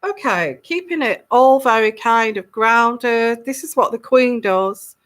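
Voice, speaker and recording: A woman's voice: a little high, expressive, slow pace, a bit bright. A woman giving a live tarot reading, musing aloud, repeating words and acting out little quotes. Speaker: tarot reader.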